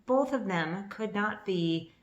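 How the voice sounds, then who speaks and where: A woman in her fifties telling a personal story to camera in an excitable, rambling way, a little nervous, with restarts and bursts of laughter. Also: mid-range voice, takes it slowly, dull audio. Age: 50s. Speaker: vlogger. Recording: echoey room.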